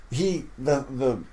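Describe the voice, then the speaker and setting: A fishing captain telling rambling, animated stories in a podcast interview. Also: male voice, medium pitch.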